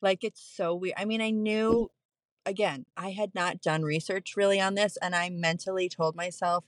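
A woman's voice: on the low side, fairly even intonation, normal speed, no room sound. A woman in her thirties, a nurse, candidly telling a personal story in casual chat with frequent laughs. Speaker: podcast guest, postpartum nurse.

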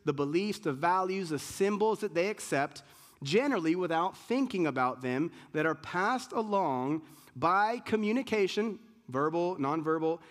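Pastor, male, slightly high voice, chatty sermon delivery full of restarts. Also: animated, normal speed. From United States. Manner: conversational preaching with many restarts and acted-out quotes.

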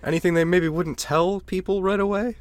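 A man co-hosting a casual comedic movie chat, dropping dry, deadpan jokes. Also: sits high, fairly quick, no echo. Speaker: podcast co-host.

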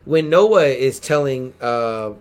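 A man from San Antonio, Texas, co-hosting a podcast, chatting casually and acting out excited quotes. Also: mid-range voice, takes it slowly. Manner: animated storytelling, acts out excited quotes. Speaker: podcast co-host. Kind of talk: casual chat.

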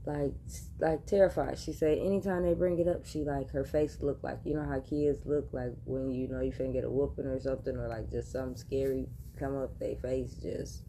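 Low gravelly woman telling a story. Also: steady tone, brisk, hardly any pauses, mellow, a little hiss or hum. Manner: chatty, laughs often, addresses listeners directly. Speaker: podcast host. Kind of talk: casual storytelling monologue.

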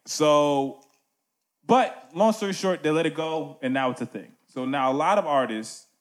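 A man's voice: fairly high pitch, moderate pace. A man hosting a casual music podcast, talking animatedly and checking in with "right?" asides.

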